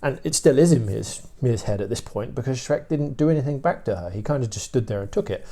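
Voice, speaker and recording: A British man, a dog trainer, explaining his views in a steady, opinionated casual talk with many fillers. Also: medium pitch, fast.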